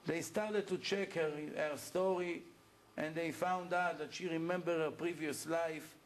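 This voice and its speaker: A man's voice: fairly high pitch, steady tone, measured pace, slight background noise. A man lecturing as a rabbi, telling stories in a plainspoken way. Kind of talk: lecture to an audience.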